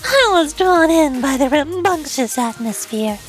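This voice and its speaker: A woman's voice: sits high, expressive, measured pace, soft background music. A woman voicing a prim, formally polite fox girl.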